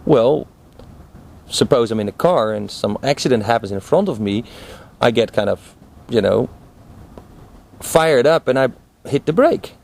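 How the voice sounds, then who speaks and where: A man's voice: mid-range voice, expressive, unhurried, gravelly, pauses often, a little mellow. A man hosting an interview, asking probing, hesitant questions. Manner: probing, hesitant, searching for words. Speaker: interviewer, host.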